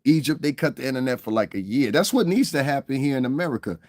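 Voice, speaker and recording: Fast and expressive, this male livestream commentator rants in a darkish mid-range voice, captured as a dry, clean studio recording. Profane and rambling on a casual stream, he constantly asks if you understand and laughs at his own stories.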